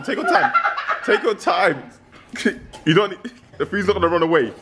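A man's voice: sits high, expressive, normal speed, roomy sound, noisy background. A British man co-hosting a casual vlog, laughing and teasing through banter and a sponsor segment. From Britain. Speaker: co-host.

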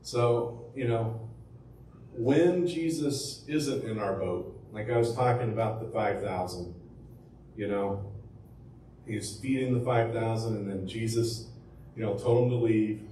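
A man's voice: fairly low pitch, measured pace, dark tone, slight background noise. A man preaching as pastor, telling the story conversationally with rhetorical questions and fillers. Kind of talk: sermon. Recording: echoey room from far off with faint ambience.

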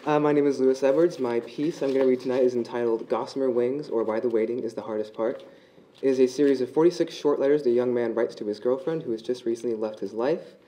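A man reading his own short literary fiction aloud at a live reading, in a measured, dry, deadpan delivery. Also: medium pitch, low-quality recording.

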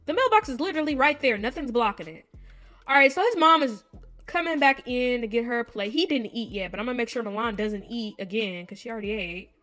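A woman hosting a gaming video, chatting casually to viewers and reading game text aloud in an expressive way. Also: a little high. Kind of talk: casual let's-play commentary to viewers.

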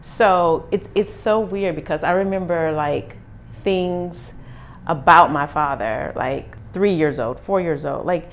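Animated woman telling stories. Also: on the low side, slow, a little hiss or hum. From Oakland, California. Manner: animated, acts out quoted dialogue, laughs often. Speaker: interview guest. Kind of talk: casual storytelling interview.

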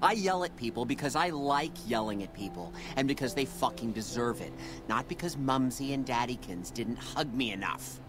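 An actor playing a foul-mouthed, arrogant male celebrity chef in a game, yelling abuse and profanity. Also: medium pitch, animated, moderate pace, hardly any pauses, natural voice. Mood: scornful. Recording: game audio under background music.

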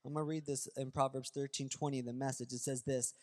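A man's voice: mid-range voice, quick pace, few pauses. Impassioned male pastor in a reverberant sanctuary. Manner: animated preaching, swings from loud to hushed; casual, addresses crowd as y'all. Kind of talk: sermon. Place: church sanctuary. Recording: long hall reverb, faint music.

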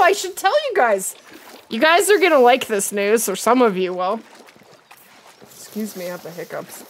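A woman's voice: on the high side, a bit bright. A middle-aged woman streaming a hunting game live, chatting with viewers and answering their comments as she plays.

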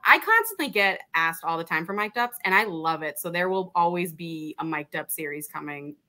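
A woman's voice: lowish voice, moderate pace. A woman guest in a casual podcast chat, telling stories and laughing often. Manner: chatty, laughs often, lively storytelling. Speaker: guest, social media creator.

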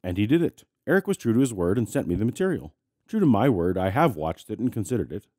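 A man's voice: fairly low pitch, very animated, fast, mellow, no echo. A man hosting a commentary show, who narrates a scripted video in a dry, snarky way while sick and congested. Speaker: host.

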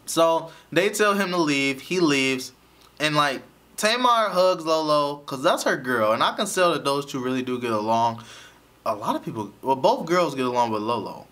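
Lively, bright-voiced man recapping a show. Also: fairly high pitch, moderate pace. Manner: chatty, laughs often while telling. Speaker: show reviewer. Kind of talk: casual TV episode recap.

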